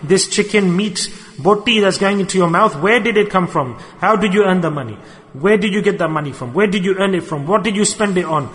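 High-pitched preacher in a reverberant hall. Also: male voice, brisk. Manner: earnest, animated, acts out quoted voices. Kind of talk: sermon.

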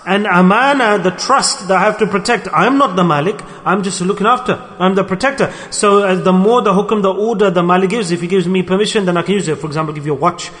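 A man giving a storytelling sermon, animated, acting out dialogue and repeating phrases for emphasis. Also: sits high, fast talker, few pauses. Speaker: preacher. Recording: long hall reverb.

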